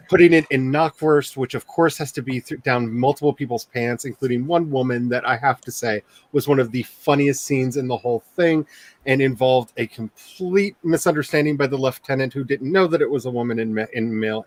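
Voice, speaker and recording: A man hosting a writing stream, chatting casually and gushing with frequent laughter. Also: mid-range voice. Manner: animated, gushing, laughs often. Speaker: author and stream host.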